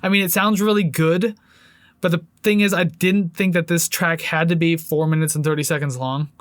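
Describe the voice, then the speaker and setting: A man's voice: a little high, fairly even intonation, normal speed, no echo, clean studio sound. A man co-hosting a casual music review podcast, rambling and laughing often with frequent restarts. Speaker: podcast co-host.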